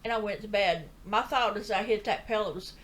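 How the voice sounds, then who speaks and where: A woman's voice: medium pitch, brisk, fairly bright tone. An older woman earnestly telling a personal story in a chatty way, with asides. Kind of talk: casual testimony.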